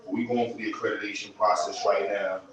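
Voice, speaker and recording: A man's voice: lowish voice, fairly even intonation, fast, crowd noise. A man hosting a livestream, ranting in blunt street slang, rambling and heated. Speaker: livestream host. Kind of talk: casual livestream rant. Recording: roomy, with loud background noise.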